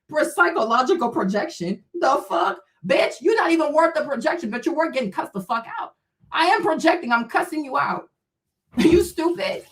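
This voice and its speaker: A woman hosting a livestream, talking in a blunt, heated and profane way, mocking her audience with bursts of laughter. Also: high-pitched. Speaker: livestream host. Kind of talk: ranting commentary stream.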